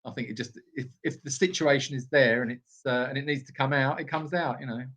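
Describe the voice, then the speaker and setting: A man's voice: medium pitch, steady tone, a little fast, a bit bright, breathy edge. A man co-hosting a live Q&A from an animal sanctuary, reading viewer comments in a playful, jokey way. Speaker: co-host of a live Q&A.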